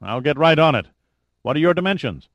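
A man reading an audiobook, voicing a groggy, grumbling male data technician with a raspy voice. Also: a little high, lively intonation, a little fast, no room sound, lo-fi sound, voice pushed up. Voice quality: raspy over a speakerphone.

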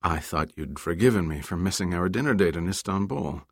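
A man's voice: deep voice, expressive, fairly quick, no echo, clean studio sound. A man voicing a playful disguised adventurer in an audiobook, in a teasing, easygoing way.

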